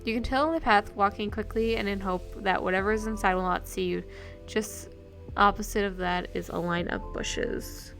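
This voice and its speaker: A woman's voice: medium pitch, normal speed, vocal fry, fairly bright tone, faint music behind. A woman streamer narrating a gamebook in second person, reading aloud with small slips and self-corrections.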